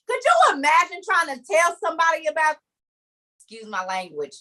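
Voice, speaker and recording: A woman preaching in a lively, conversational way on a video call. She acts out scenes as she tells them, laughs often and keeps turning to her listeners with emphatic repeats. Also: fairly high pitch, takes it slowly, long pauses. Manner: emphatic and repetitive, addressing listeners directly. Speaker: speaker leading an online group meeting.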